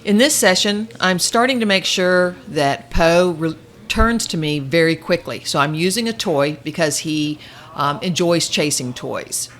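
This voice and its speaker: A woman dog trainer coaching a puppy in high sing-song praise, with calm explanations in between. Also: measured pace, a little hiss or hum. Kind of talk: puppy training session with commentary.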